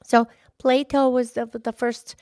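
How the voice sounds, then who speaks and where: A woman voicing an excitable, chatty young female character named Pinky, in a two-voice character chat. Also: unhurried, dry recording, clean studio sound. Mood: eager. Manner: eager, gushing, much higher than her own voice.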